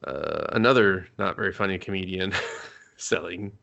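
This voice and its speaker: A man's voice: deep voice, creaky, sharp tone, dull audio. Profane sarcastic male podcast host. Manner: mocking, swears often, acts out characters in quick voices. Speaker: movie review podcast co-host. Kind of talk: profane sarcastic movie recap.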